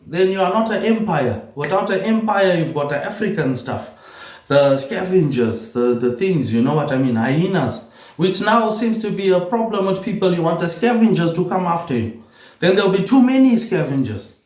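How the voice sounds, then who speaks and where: A man rambling through a solo vlog monologue, repeating words and tagging his lines with a low "mate, eh". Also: a little mellow. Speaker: vlogger. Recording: roomy echo.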